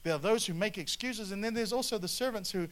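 A man delivers a lively sermon in a bright, forceful voice, pitched a little high for a man. He moves between scripture reading and animated asides, calling on the congregation to answer back. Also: fast. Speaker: pastor.

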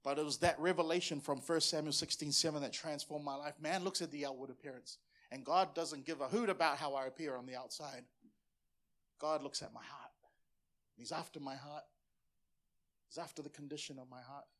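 A man's voice: fairly high pitch, fairly even intonation, a little fast, fairly bright tone. A man in his forties from Samoa, a pastor preaching a sermon in an earnest, passionate way and often repeating words as he presses a point.

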